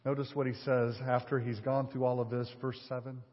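A male pastor delivers a sermon to his congregation, pressing them with rhetorical questions and dropping from loud emphasis to a hush. His voice is husky, and the recording is dull, with a long reverb trailing through the sanctuary. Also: medium pitch, flat delivery, a little fast.

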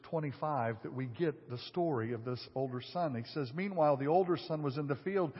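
A man's voice: a little high, a little fast, husky. A man preaching a sermon, reading scripture aloud and explaining it in a conversational way with occasional fillers. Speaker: pastor. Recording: dull audio in a hall with long reverb.

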